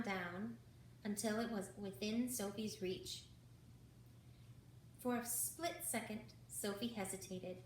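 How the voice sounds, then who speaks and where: A woman reading a children's book aloud in a slow, expressive way. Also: mid-range voice, a little hiss or hum. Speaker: reader. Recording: roomy, from far off.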